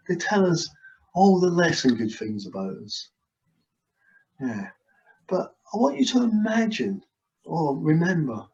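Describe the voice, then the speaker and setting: A man guides a hypnosis session, repeating gentle suggestions in a soothing rhythm. His voice sits a little high. The audio is dull and lo-fi, as if from a video call. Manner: soothing, repetitive trance suggestions.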